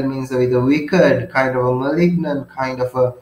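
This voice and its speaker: A man's voice: medium pitch, fairly even intonation, normal speed, few pauses, a little mellow, roomy sound, low-quality recording. A man teaching a novel in a lecture, paraphrasing it, defining words and often checking in with 'right?'.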